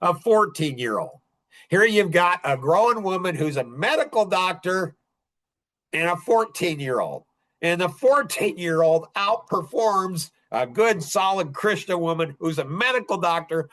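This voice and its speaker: Lively chuckling middle-aged man. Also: high-pitched, unhurried. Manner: animated, chuckles often between phrases. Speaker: podcast host. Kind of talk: casual storytelling.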